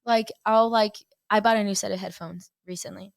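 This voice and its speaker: This is a young woman from Texas, a softball player talking as a guest. She is a chatty storyteller who laughs easily, and her voice sits in a middle pitch. The sound is dry, with no room echo. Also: fairly even intonation, a little fast, vocal fry. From Texas, USA. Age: young adult. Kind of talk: casual interview chat.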